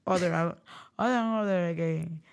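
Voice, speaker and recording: A woman's voice: on the low side, moderate pace, vocal fry, clean tone. A woman from Cuba with a Cuban Spanish accent, Spanish as her first language, chatting as a guest singer in an interview, thoughtful and searching for words, with a sleepy voice. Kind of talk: casual interview chat.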